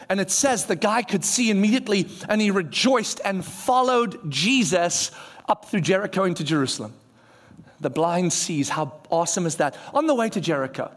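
Young guy preacher, really high voice, animated, acts out the whole story. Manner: animated storytelling, acting out characters. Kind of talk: sermon.

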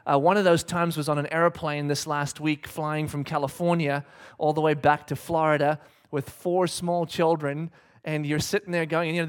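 A man in his thirties preaching, telling a family story with lively acted-out quotes that swing from hushed to shouted. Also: on the high side. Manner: animated storyteller acting out quotes, shifting between hushed and shouted. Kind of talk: sermon storytelling.

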